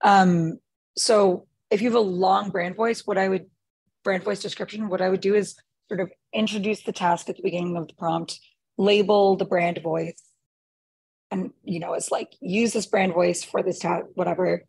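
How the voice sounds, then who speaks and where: A woman answering questions in a webinar as the guest expert, halting with many fillers and restarts. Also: mid-range voice, steady tone, gravelly, a little mellow, breathy edge, dry recording. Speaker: guest expert on prompt writing.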